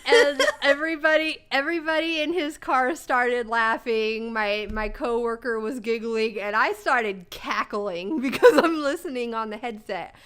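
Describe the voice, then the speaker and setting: A young woman co-hosting a podcast, telling stories in casual chat, swearing freely and breaking into loud laughter between lines. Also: a little high, a little slow, few pauses, smooth. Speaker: podcast co-host.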